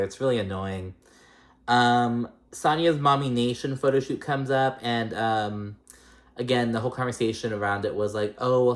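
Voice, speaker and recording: A vlogger giving a casual, chatty recap of a reality show episode, swearing freely and using lots of "um" and "like". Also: mid-range voice. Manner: chatty, swearing, many fillers.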